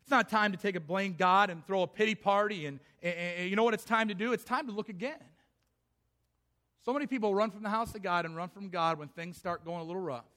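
High, bright-voiced preacher man. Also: fast. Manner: impassioned preaching, acting out voices of the people in the story. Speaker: pastor. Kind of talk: sermon.

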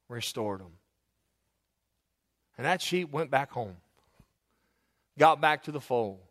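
A man's voice: on the high side, a bit bright. A male preacher delivering a sermon, asking his listeners rhetorical questions, repeating phrases and building to passionate climaxes.

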